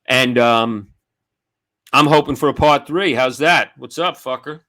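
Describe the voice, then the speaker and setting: A comedian guest with a New York accent spins a story on a video call in a casual chat, his mid-range voice measured in pace, pushed and bright. He's animated, cursing and acting out the voices of the people he quotes.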